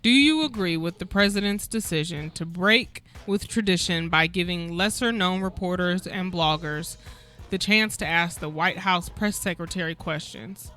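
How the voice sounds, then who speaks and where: A woman's voice: on the low side, moderate pace, pushed and bright, soft background music. A woman co-hosting a talk show, incredulous and sarcastic, firing off rhetorical questions. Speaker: guest co-host. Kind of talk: casual talk show chat.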